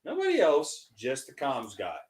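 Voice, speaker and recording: A man hosting a podcast, telling a crude army story in a profane, animated way. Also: medium pitch, normal speed, roomy sound, rough recording. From United States. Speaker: podcast host. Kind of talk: casual podcast chat, storytelling.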